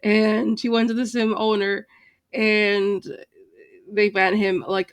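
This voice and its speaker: A woman's voice: mid-range voice, flat delivery, moderate pace, no echo. A woman ranting casually to her channel, hesitant with many fillers and restarts, tired from being up late and exasperated. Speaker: channel host, Second Life roleplayer. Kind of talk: casual rant to camera.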